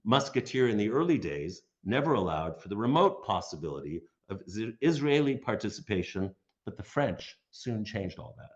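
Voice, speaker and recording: A man with a fairly low voice delivers a prepared lecture, reading steadily and slipping in dry, sardonic remarks. The recording sounds dull and muffled, like lo-fi audio. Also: very animated, moderate pace, hardly any pauses. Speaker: guest lecturer. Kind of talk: read history lecture.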